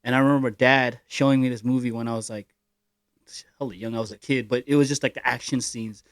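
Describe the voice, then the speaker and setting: A man's voice: medium pitch, steady tone, fast talker, no room sound, clean studio sound. Rambling young man podcast co-host. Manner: rambling, lots of fillers and slang. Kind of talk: casual chat.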